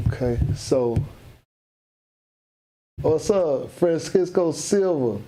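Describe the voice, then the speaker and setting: A man's voice: mid-range voice, a little slow, gravelly, long pauses, darkish tone, slight background noise. A man hosting a casual livestream, chatting loosely and greeting viewers by name. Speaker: livestream host.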